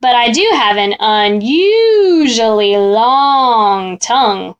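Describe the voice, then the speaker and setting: A big, scruffy storybook monster who slurps his words and whines, as a woman puts him on. He talks slowly with a lively pitch, trying hard to sound menacing. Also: highs cut off. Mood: slobbery, whiny. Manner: slurping, whiny, mock-menacing.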